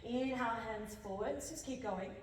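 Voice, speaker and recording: A woman leading a power yoga class, calmly cueing breaths and counting down holds while slightly out of breath as she moves along. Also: a little high, normal speed, recorded from a distance, slight background noise. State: a little out of breath. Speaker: yoga instructor. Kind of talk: guided yoga class cues. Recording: echoey hall from off-mic.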